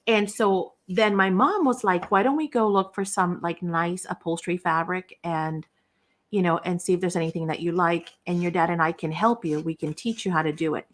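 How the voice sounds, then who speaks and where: A woman's voice: fairly low pitch, normal speed. Chatty middle-aged woman telling a story. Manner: chatty storyteller acting out quoted dialogue; self-deprecating, folksy fillers. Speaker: craft channel host. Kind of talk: casual livestream chat.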